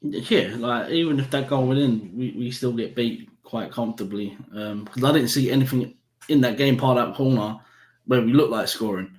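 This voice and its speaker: A man's voice: mid-range voice, moderate pace, a little mellow. Downbeat man in an echoey room. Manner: downbeat, hesitant. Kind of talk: casual football fan chat. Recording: roomy echo.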